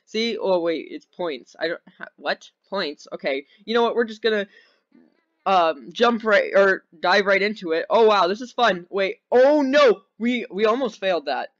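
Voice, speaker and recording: A young man giving casual, rambling commentary over gameplay, easily excited and giggly. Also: high-pitched, moderate pace. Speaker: gaming video host. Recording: dull lo-fi sound.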